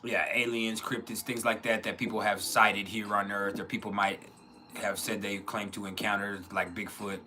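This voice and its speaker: A man's voice: on the low side, flat delivery, moderate pace, sharp tone, a little hiss or hum. A man hosting a casual livestream, rambling, often restarting his sentences and reading out chat comments. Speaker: livestream host.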